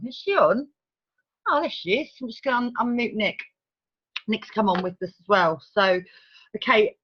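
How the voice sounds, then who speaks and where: A woman hosting a team training over a video call, talking in a brisk, chatty, organizing way. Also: a little high. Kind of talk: casual online meeting talk. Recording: dull video-call audio.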